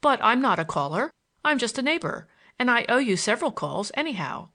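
A teasing young woman chatters at a quick, breathless clip, mocking and light, as a woman reader voices her. Her voice leaps high and swings widely from phrase to phrase. It is an audiobook character with a lively lilt. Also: exaggerated voice.

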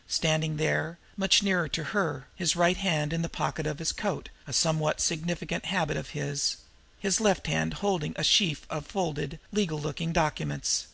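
A man reads a novel aloud in steady, measured narration. His voice sits somewhat high, with a gravelly fry and a bright, forward tone. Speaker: audiobook narrator. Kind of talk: scripted narration.

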